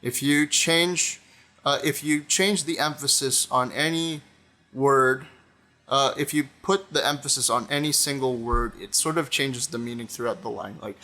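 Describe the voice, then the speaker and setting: A young man talks through his opinion in a loose commentary monologue. His voice is bright and forward. He hesitates a lot, filling gaps with ums and uhs and restarting sentences, all at a mid pitch. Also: unhurried. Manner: hesitant, many fillers and restarts. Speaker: video essayist.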